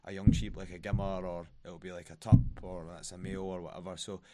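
Amid background noise, the young Scottish guest fighter talks fast in a low-pitched, flat voice. It's casual podcast chat, full of laughter and stories where he acts out quoted voices.

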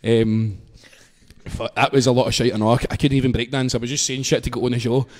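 A man's voice: mid-range voice, level tone, quick pace. A man with a Glaswegian accent telling a casual story. He swears freely, laughs as he goes and acts out the scenes. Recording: long reverb in a hall-like room.

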